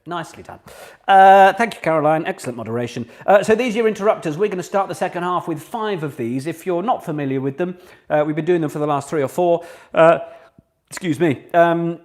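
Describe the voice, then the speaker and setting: A man hosting an online pub quiz from home, chatty and playful, full of asides to his viewers. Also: on the high side. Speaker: quiz host. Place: home flat.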